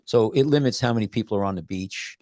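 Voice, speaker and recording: A man's voice: lowish voice, fast, darkish tone, no echo, studio quality. An older man hosting a podcast, telling stories in a rambling casual chat full of restarts. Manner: rambling, many restarts and repeated words. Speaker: podcast host.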